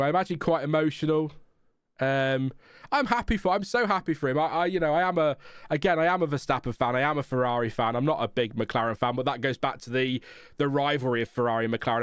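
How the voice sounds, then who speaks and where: Man, livestream host, casual rambling chat, frank, smooth resonant voice, dry sound. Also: medium pitch, dry recording. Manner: chatty, frank, rambling with fillers. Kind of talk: casual live race watchalong chat.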